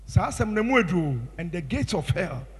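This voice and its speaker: Impassioned Ghanaian preacher in a reverberant hall. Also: male voice, high voice, sing-song, moderate pace, slightly rough. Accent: Ghanaian English. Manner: impassioned, swinging from hushed to shouted. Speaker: pastor. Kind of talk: sermon.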